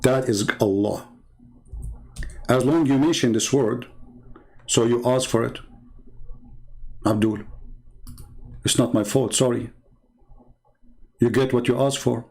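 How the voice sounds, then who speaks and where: A man with an Arabic accent hosts a live stream and reads out viewer comments. He talks in a mocking, combative way, repeats himself and jumps into high, scornful outbursts. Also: slow, gravelly, long pauses, a little mellow, rough recording. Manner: mocking, taunting, with sudden high-pitched outbursts. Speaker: livestream host reading viewer comments.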